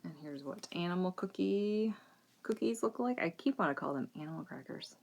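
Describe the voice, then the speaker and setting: A woman's voice: lowish voice, expressive, fairly quick, creaky, darkish tone. A woman in her thirties hosting a knitting podcast, talking casually and frankly and fretting a little. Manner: chatty, frank, fretful about the kids' schooling. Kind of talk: casual chat. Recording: faint background noise.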